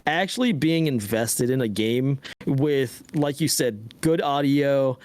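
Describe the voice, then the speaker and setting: A man's voice: medium pitch, slow pace, darkish tone. A man co-hosting a gaming podcast, animatedly retelling his own reactions with a lot of swearing. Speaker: podcast co-host. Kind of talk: casual gaming chat.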